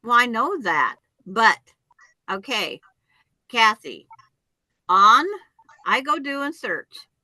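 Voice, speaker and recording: A woman's voice: on the high side, sing-song, slow pace, long pauses, sharp tone, no room sound, low-quality recording. A woman chatting on a video call who argues her point insistently with many restarts. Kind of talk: casual chat.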